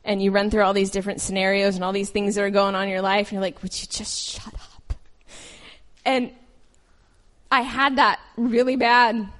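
A woman's voice: medium pitch, little pitch movement, brisk. A woman reading scripture aloud, then preaching in an earnest, conversational way with personal stories. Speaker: lay preacher.

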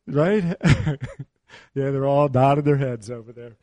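A male pastor with a mellow, dark voice gives a relaxed, chatty sermon. He repeats his key lines and teases members of the flock with light joking asides. The sound is dry and close. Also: medium pitch, unhurried, no echo. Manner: conversational, repeats key phrases for emphasis; teasing, joking asides with the congregation. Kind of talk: informal sermon.

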